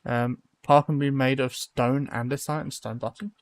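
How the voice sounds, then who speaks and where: A man's voice: mid-range voice, steady tone, normal speed, dry recording. A young man live-streaming a building game, chatting casually with viewers and rambling through lots of fillers and restarts.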